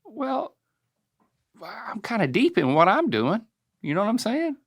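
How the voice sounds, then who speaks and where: A man's voice: high voice, huge pitch swings, normal speed, fairly bright tone, husky. A middle-aged man hosting a casual podcast chat, teasing and acting out quoted voices. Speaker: host.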